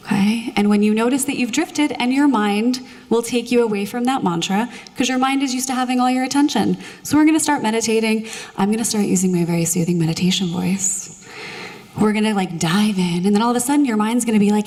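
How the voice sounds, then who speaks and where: A woman leading a live audience in guided meditation, joking with them before moving into slow, soothing instructions. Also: on the high side. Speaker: meditation teacher. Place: live show venue with audience. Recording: long hall reverb.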